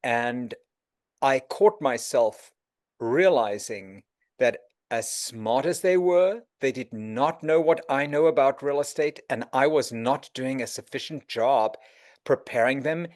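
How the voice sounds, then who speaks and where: A middle-aged man speaking as an interview guest, giving advice and acting out quoted exchanges. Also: takes it slowly. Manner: animated, acts out quoted dialogue with shifts in pitch. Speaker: interview guest, real estate executive.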